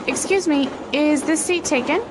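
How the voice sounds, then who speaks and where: A woman's voice: high-pitched, normal speed, natural voice. A woman playing a polite, friendly local worker in a scripted small-talk dialogue. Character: friendly young woman who works in the city. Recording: dialogue with vehicle noise behind.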